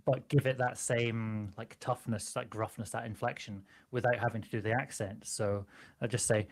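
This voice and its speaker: A man chatting casually about voicing characters, animated and quick to laugh. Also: lowish voice, creaky. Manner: animated, laughs often, slips into character voices. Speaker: guest game master. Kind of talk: casual chat about voice acting.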